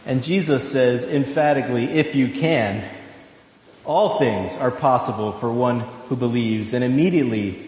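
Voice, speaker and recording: A male pastor giving a sermon, slow and emphatic, with drawn-out phrases. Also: medium pitch, darkish tone. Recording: echoey hall.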